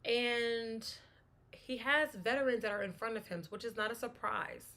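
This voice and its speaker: A woman's voice: fairly high pitch, steady tone, moderate pace, fairly bright tone. A woman hosting a casual solo sports talk show, chatting and thinking aloud, often restarting her sentences.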